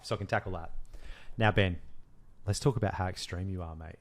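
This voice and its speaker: A man's voice: medium pitch, animated, a little fast. A young man holds forth on a casual podcast in an ordinary mid-range voice. He is blunt and swears freely. He tells stories with animation and ribs his co-host. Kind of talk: casual chat.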